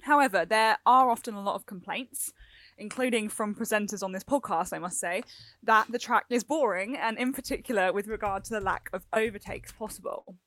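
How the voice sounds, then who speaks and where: Brief: chatty female podcast co-host, dry close recording, even middle voice. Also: medium pitch, fairly quick, no echo. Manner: chatty, reads notes with fillers. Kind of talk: podcast discussion.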